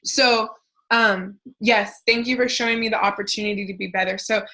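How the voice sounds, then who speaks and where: Bright-voiced chatty woman life coach. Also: medium pitch, steady tone, low-quality recording. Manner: casual, quick, chatty, many fillers and restarts. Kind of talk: motivational talk.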